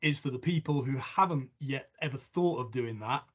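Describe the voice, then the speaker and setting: A man's voice: medium pitch, normal speed, fairly bright tone, highs cut off. A man hosting a casual podcast interview, joking and swearing informally. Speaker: podcast host.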